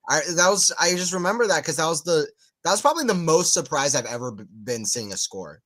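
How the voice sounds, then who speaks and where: A man's voice: fairly high pitch, very animated, fast talker, fairly bright tone. A man giving casual live tennis commentary for a watchalong stream, just woken up, rambling into chatty asides between calls of the points. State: just woke up.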